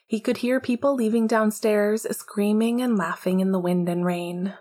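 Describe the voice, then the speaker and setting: A woman narrating an audiobook in a hushed, intimate way, often half-whispering. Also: mid-range voice, fairly even intonation, moderate pace.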